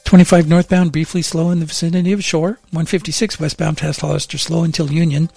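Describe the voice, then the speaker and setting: A man's voice: on the high side, fast talker, creaky, slightly rough, no room sound, faint music behind. A middle-aged man on morning radio, chatting wryly with his co-host and then reading traffic and weather from a studio mic. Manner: chatty, wry, then steady report reading. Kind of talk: casual radio chat and traffic report.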